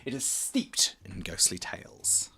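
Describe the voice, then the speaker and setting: A man's voice: deep voice, big pitch swings, unhurried, vocal fry, pushed and bright, slightly rough. A man giving a casual, rambling slideshow presentation for a charity stream, full of jokey asides and self-corrections.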